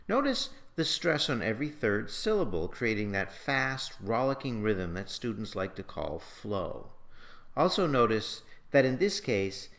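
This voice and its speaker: A man's voice: fairly low pitch, a bit bright. A man narrating a poetry lesson, patiently explaining stress and sounding out syllables. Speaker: poetry teacher. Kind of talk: scripted lecture narration.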